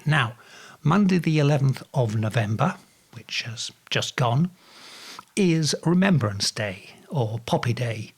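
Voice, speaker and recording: A man with a Norfolk accent hosting a radio show, telling odd stories in a relaxed, wry way with many fillers. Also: medium pitch, creaky, no room sound. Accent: Norfolk English. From England. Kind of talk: relaxed radio talk with dry asides.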